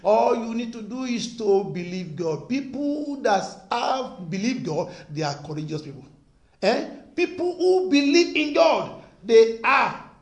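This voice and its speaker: A pastor preaches a sermon in a strikingly high, animated voice with wide rises and falls. Emphatic, he hammers phrases repeatedly and fires questions at the congregation, and the echoey room gives it a roomy echo.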